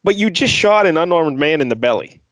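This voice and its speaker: A man's voice: on the high side, very animated, fairly quick, a bit bright, no room sound. A man co-hosting a casual podcast about comics, talking in an incredulous way and swearing freely. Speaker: podcast co-host.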